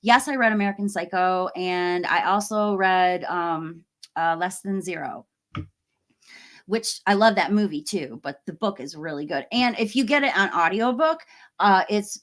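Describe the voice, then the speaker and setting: A woman's voice: lowish voice, unhurried, a bit bright. A middle-aged woman chatting casually on a live stream, reading viewer comments, laughing often and trailing off mid-sentence. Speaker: horror YouTuber hosting a live stream.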